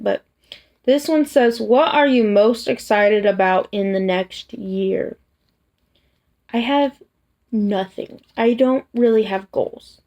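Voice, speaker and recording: A woman vlogger chatting casually to camera, soft and hesitant, tired after work. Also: a little high. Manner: soft, hesitant, with many restarts and fillers. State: tired, yawning. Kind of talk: casual personal chat to camera.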